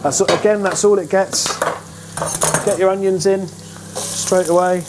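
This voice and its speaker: A high-voiced man speaks unhurriedly with fairly even intonation as he hosts a cooking video from his home kitchen, chatting casually and playfully while he cooks. Clear frying and sizzling from the pan runs underneath.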